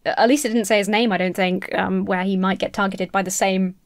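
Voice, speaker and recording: A woman's voice: medium pitch, steady tone, brisk, no echo, studio quality. A young woman from the UK giving blunt, sarcastic commentary to her viewers, swearing and laughing often. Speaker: video commentator. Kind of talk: casual commentary to camera.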